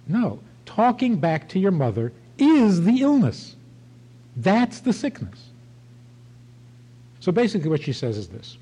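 A man's voice: on the high side, warm tone, husky, rough recording. A man giving a spoken religious talk, telling stories and stressing points by repeating them. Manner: emphatic, storytelling, repeats phrases for stress.

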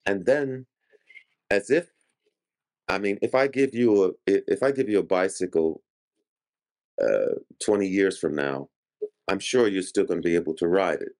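A man's voice: low voice, moderate pace, long pauses, darkish tone. A man, an interview guest, earnestly recounting a personal experience in vivid detail. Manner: earnest, vivid storytelling with gestures described.

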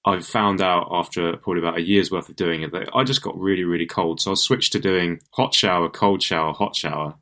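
Low-voiced hesitant male host. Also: a little fast, hardly any pauses, bright, forceful tone. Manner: hesitant, many fillers. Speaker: podcast host, magazine journalist. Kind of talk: podcast interview talk.

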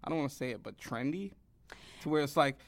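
A young man chatting casually on a podcast, with a slightly high voice. He talks animatedly and jumps into little character voices. The sound is close and dry. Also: quick pace, creaky, no echo. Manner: animated, acts out street scenes in voices. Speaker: podcast co-host. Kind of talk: casual chat. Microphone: studio microphone.

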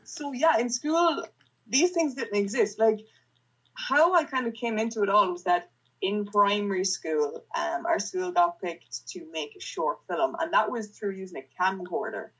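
A woman's voice: medium pitch, unhurried, fairly bright tone, breathy edge, lo-fi sound. A young woman chatting casually as a podcast guest, laughing often and joking about herself. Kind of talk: casual chat.

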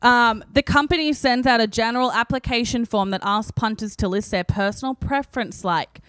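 Young female co-host, casual and profane, laughs often; higher voice, dry recording. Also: moderate pace, a bit bright, clear, resonant tone, dry recording. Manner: laughing, profane, reads aloud. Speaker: podcast co-host. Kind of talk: casual chat.

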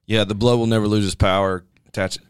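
A man, a podcast host and worship leader who tells stories in a jokey, animated way. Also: lowish voice, quick pace, clean tone, dry recording, studio quality. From United States. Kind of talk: casual chat.

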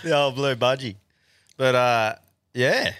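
Sweary Australian podcast host. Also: male voice, mid-range voice, takes it slowly, a bit bright, clear, resonant tone, no echo, clean studio sound. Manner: sweary, laughs a lot. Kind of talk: casual chat.

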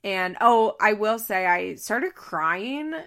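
A woman's voice: medium pitch, lively intonation, slow, fairly bright tone. A woman chatting casually as she recaps a reality show. She swears freely, laughs often and says "like" a lot.

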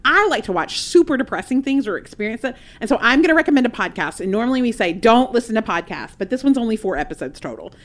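Animated, high-voiced woman podcast host. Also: fast, hardly any pauses. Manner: emphatic, animated, mock-indignant. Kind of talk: casual pop-culture chat.

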